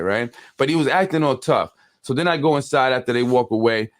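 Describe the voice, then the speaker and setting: A man from New York hosts a live call-in politics show and recounts a run-in at length. He tells it with lively energy, acting out other people's lines and stumbling over repeated words when he gets heated. His voice sits at an ordinary middle pitch. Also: fairly quick, few pauses. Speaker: host of a local politics show.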